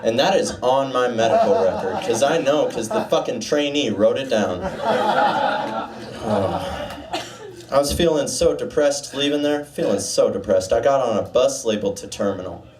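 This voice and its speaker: A young man doing a deadpan stand-up set with dark jokes, putting on a gruff low voice for a doctor. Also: normal speed, far from the mic, background noise. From United States. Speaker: stand-up comedian. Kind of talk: stand-up set at open mic. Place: small bar stage.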